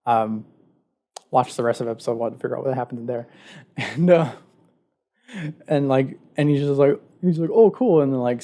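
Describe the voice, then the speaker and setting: With a mid-range voice and a darkish tone, a male podcast co-host recounts a story. The chat is casual and rambling, and he uses many filler words.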